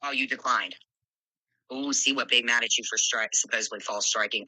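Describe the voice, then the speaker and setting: A woman's voice: extremely low pitch, a little fast, pushed and bright, dry recording, low-quality recording. Brash, profane woman hosting a live stream. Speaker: livestream host. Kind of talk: live stream chat moderating callers.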